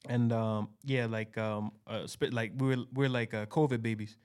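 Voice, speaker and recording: A man hosting a casual podcast, steering the talk and tossing in quick agreeing replies. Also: fairly low pitch, steady tone, a little mellow, smooth. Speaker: podcast host.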